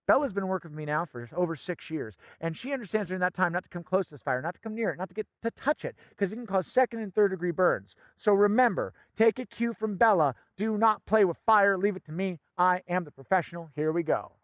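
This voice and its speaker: A man's voice: sits high, lively intonation, fast talker, hardly any pauses, no room sound, highs cut off. Theatrical man doing comic fire patter. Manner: theatrical, bossy, bursts into shouting. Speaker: fire performer.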